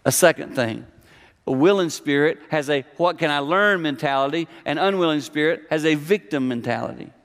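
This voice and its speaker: A man's voice: a little high, fairly quick. A middle-aged man preaching a sermon in a conversational, emphatic way, often acting out the voices of the people he quotes. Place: church hall. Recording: long hall reverb.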